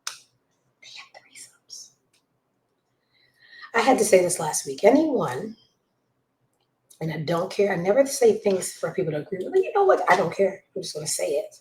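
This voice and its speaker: A woman's voice: fairly low pitch, sing-song, a little fast. Blunt woman gossip host, roomy sound. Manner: blunt, judgmental, swings between loud outbursts and hushed asides. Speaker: show host. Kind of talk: casual gossip commentary. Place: home room with a child nearby. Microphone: desk mic.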